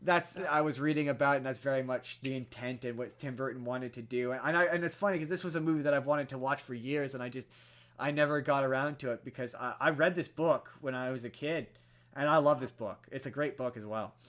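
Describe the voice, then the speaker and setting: A man's voice: mid-range voice, fairly quick. Rambling, filler-heavy podcast guy. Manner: rambling with many fillers and restarts, animated when excited. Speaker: podcast co-host. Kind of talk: casual chat.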